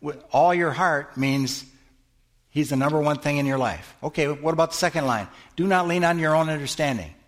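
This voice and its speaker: Speaking fast with few pauses, this middle-aged pastor has a voice on the high side. His church sermon is interactive, putting questions to the congregation and then answering them.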